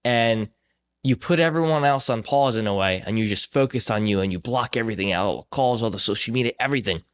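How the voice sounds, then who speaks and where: A man's voice: mid-range voice, fast. Young male host, loose conversational storytelling, voices other people as he goes. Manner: animated storyteller, acts out quoted voices. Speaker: podcast host.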